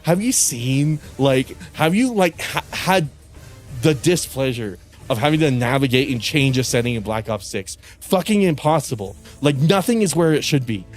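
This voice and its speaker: A young male streamer in a casual livestream rant, cursing and venting in frustration with bursts of yelling. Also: mid-range voice, lively intonation, normal speed, faint music behind. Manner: frustrated, profane ranting with bursts of yelling and laughter.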